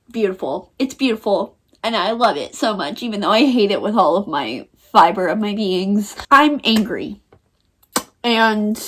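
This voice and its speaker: A young woman from the United States talking to camera in a casual book vlog, dramatic and exasperated. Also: a little high. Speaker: book vlogger.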